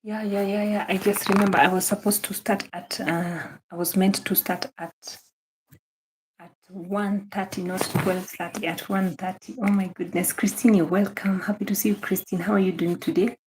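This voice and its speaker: A woman's voice: mid-range voice, fairly even intonation, fairly quick, few pauses, background noise. A young Kenyan woman with a Kenyan accent, chatting casually on a live stream, greeting viewers by name and repeating her phrases, sometimes mixing in Swahili. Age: young adult. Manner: mixes Swahili into English.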